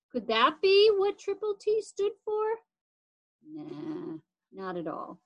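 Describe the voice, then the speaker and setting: A woman's voice: sits high, huge pitch swings, slow pace, low-quality recording. A woman reading a children's chapter book aloud in a casual way, with the odd slip and restart. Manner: casual, with occasional slips and restarts. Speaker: reader.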